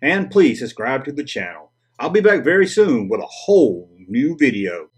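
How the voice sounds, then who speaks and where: Southern US man, toy review host, husky voice, lively pitch, cracks corny jokes. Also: moderate pace. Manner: jokey, corny puns, chatty. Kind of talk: casual vintage toy review.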